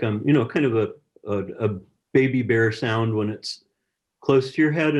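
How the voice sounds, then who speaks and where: A man's voice: mid-range voice, a little mellow. A man leading an online science workshop over a video call, encouraging participants and reading chat messages aloud.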